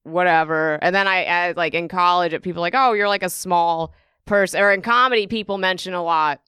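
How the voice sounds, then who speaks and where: A young woman comedian, guest on a casual podcast, telling stories with animated, acted-out quotes. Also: lowish voice, a little fast, smooth, no echo, studio quality. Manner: animated storytelling, acts out quotes.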